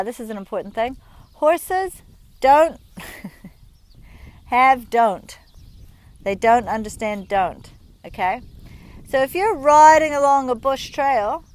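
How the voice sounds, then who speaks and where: High-voiced New riding instructor. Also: female voice. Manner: friendly, chatty, explains with everyday examples. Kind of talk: instructional talk while riding. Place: outdoors at a rural horse yard.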